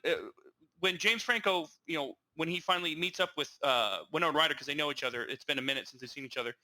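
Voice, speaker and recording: Young male podcast co-host, bright and slightly high, stammering rambler. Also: poor audio. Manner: rambling, stammering, animated retelling. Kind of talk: casual chat.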